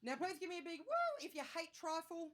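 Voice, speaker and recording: A woman in her thirties with an Australian accent, performing a stand-up comedy set, chatty and self-mocking with quick asides to the crowd. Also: very high voice, sing-song. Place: comedy venue stage with live audience. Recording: live show with audience noise.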